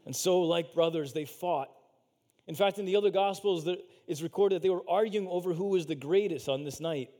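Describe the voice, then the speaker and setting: A man's voice: high voice, a little fast, mellow, big-room sound. A male pastor giving a sermon, talking casually with lots of fillers and acting out quotes. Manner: casual, filler-heavy preaching with acted-out quotes.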